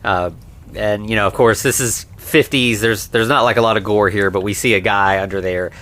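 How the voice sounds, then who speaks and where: A man's voice: lowish voice, steady tone, normal speed, a bit bright. Rambling man recapping a film. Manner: rambling, heavy on fillers like "like" and "you know". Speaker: podcast co-host. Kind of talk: casual movie recap chat.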